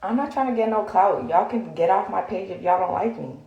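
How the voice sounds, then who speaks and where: A woman vlogger rants into her phone camera in an echoey room, her medium-pitched voice a little fast and creaky, with dull audio. She's heated, blunt and profane, rambling along with plenty of fillers.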